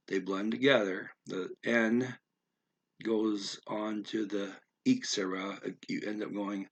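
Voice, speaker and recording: A man explaining words of a story in an unscripted lesson, thinking aloud with many fillers and repeating words slowly to practice how they sound. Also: fairly low pitch, animated, a bit bright, slightly rough. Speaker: language learner explaining vocabulary.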